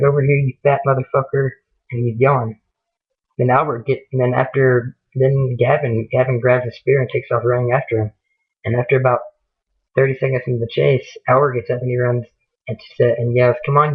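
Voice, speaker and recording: A man's voice: medium pitch, slightly rough. A young man casually retelling a gory horror story, rambling and swearing, slipping into the characters' lines without changing his voice. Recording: muffled phone-like audio.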